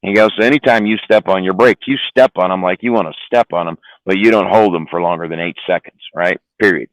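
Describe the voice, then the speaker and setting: Low-voiced trucker telling a profane story. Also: male voice, fast, no echo, rough recording. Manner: rambling, profane, repeats words. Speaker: trucker guest. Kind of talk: casual storytelling on a live stream.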